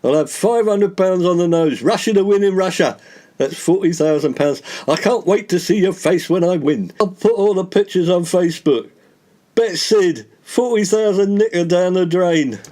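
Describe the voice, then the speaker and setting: A man's voice: high-pitched, normal speed, mellow, natural voice. A man voicing a pompous, grumbling, self-important middle-aged Englishman who blusters indignantly.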